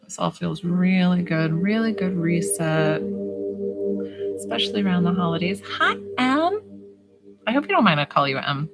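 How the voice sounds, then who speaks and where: A woman with a slightly low voice chats on a live stream as an intuitive healer, bubbly and chatty, greeting viewers by name. Her voice comes through a phone, with music playing clearly behind her. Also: animated, normal speed, low-quality recording. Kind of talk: casual live-stream chat. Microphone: phone camera.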